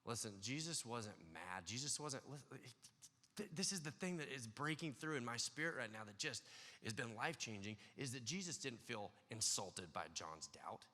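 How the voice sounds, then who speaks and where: A man's voice: mid-range voice, normal speed. Man preaching in a reverberant church. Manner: earnest, swings from hushed to loud and excited. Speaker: pastor. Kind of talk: sermon. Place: church sanctuary. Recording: church hall with long reverb.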